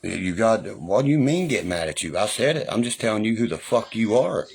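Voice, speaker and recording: A man's voice: lowish voice, sing-song, fairly quick, vocal fry, a little mellow, breathy edge. A man ranting angrily on a livestream, swearing constantly and taunting his critics. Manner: profane, combative, taunting. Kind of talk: angry livestream rant.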